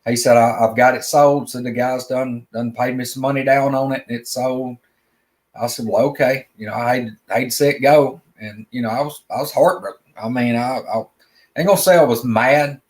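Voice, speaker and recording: Man, drawling, plainspoken storyteller, repeats his words, mid-pitched voice. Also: moderate pace. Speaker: guest storyteller. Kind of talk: casual spoken storytelling.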